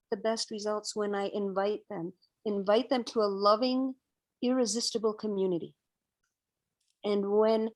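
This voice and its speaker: A woman in her sixties, a guest on an interview podcast, telling a personal story in an animated way and acting out her own past outbursts. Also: medium pitch. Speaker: interview guest, vegan educator.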